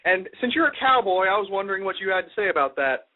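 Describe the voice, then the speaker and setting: A man phoning in to a call-in show to tell a prank story. He talks deadpan, with a fairly high voice. The line is thin and tinny. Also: fast. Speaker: caller.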